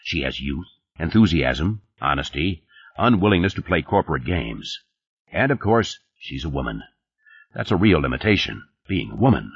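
A man reading the part of a gruff, commanding male company boss who talks curtly and coarsely, in an audiobook. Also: extremely low pitch, sing-song, normal speed, no room sound, voice pushed down, full character voice. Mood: irritated. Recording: dull, dry studio recording.

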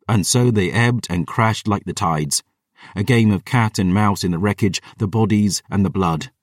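A man narrating a first-person fantasy audiobook with dramatic intensity. His voice sits on the low side. The recording is dry, with the mic a little distant. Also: normal speed, no echo.

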